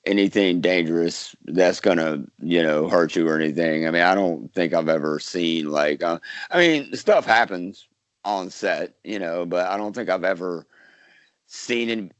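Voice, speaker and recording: A man talks through a casual interview in a lowish voice, wandering and restarting his sentences with plenty of fillers. The sound is dry and close, with no room around it. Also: moderate pace, clear, resonant tone, no echo. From South Carolina, US. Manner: rambling, many fillers and restarts. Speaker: actor, podcast guest.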